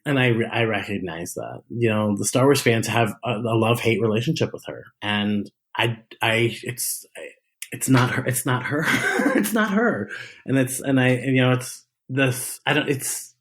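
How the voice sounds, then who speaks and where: A man being interviewed as a guest, a drag performer telling stories in a casual chat, animated and laughing often. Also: mid-range voice, moderate pace. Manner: animated storyteller, laughs and giggles often, many restarts.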